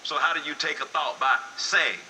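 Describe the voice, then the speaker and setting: Older man preaching, bright and animated. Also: normal speed, a little hiss or hum, low-quality recording. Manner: animated preaching, swinging from low murmurs to loud high exclamations. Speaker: pastor. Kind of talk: sermon.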